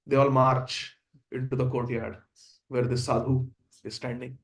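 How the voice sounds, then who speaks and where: A man retelling a devotional story in an animated way, with chuckles. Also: medium pitch, unhurried. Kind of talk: storytelling sermon.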